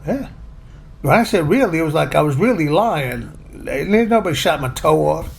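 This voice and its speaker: A man's voice: fairly high pitch, animated, a little fast, creaky, slightly rough. A man casually telling a personal story, chatty and plainspoken, poking fun at himself. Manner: chatty, plainspoken, self-deprecating.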